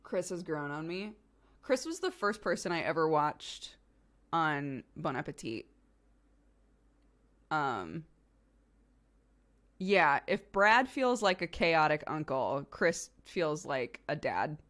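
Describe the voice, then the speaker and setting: Young woman streamer, slow casual chatter, lively low-ish voice, giggly and rambling. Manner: relaxed, giggly, rambling with many fillers. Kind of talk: casual chat with chat readers.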